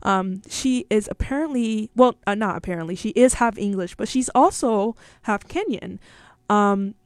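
A young woman hosts a college radio show, talking in a bubbly, rambling way with plenty of fillers. Her pitch sits mid-range, and the sound is dry and close to the mic. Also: animated, normal speed, dry recording. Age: young adult. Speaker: radio host. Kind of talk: casual radio chat.

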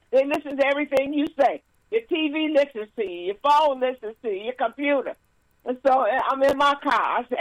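A woman minister giving a casual sermon with stories and announcements, lively and laughing, with frequent praise interjections. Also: high voice, normal speed, no room sound, low-quality recording.

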